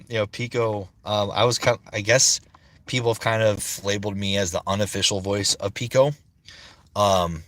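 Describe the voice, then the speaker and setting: Man in his thirties, slightly low voice. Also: fairly bright tone, no echo. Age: 30s. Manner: casual and swears freely; rambling, searching for words. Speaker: voice actor. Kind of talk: casual livestream chat.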